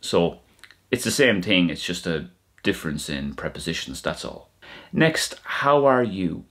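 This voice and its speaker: A man narrating a language lesson, saying each word slowly and clearly and repeating it. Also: low voice, sing-song, a bit bright. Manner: slow, clear word-by-word pronunciation with repetitions. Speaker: language teacher. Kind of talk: scripted educational narration.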